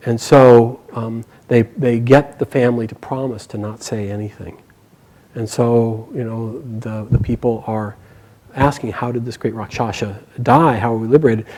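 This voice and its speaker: A man telling a myth aloud to a live group, animated and chuckling along with the story. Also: mid-range voice, low-quality recording.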